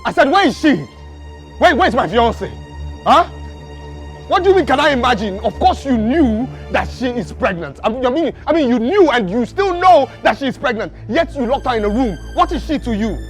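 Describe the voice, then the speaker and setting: Mocking Nigerian fiancé, rapid-fire, animated delivery. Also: male voice, very high-pitched, soft background music. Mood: indignant. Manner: repetitive, sarcastic, fast. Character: indignant young fiancé, mocking and persistent.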